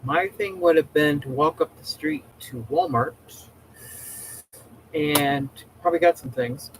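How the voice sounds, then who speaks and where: A man's voice: on the high side, unhurried, a little hiss or hum, poor audio. A man hosting a casual livestream, rambling and chatty with many restarts, talking from home. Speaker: livestream host.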